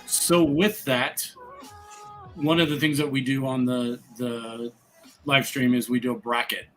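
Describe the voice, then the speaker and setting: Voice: medium pitch, flat delivery, unhurried, faint music behind, poor audio. A podcast host running a livestream bracket segment, announcing each matchup casually. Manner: game-show announcing. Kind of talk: casual chat.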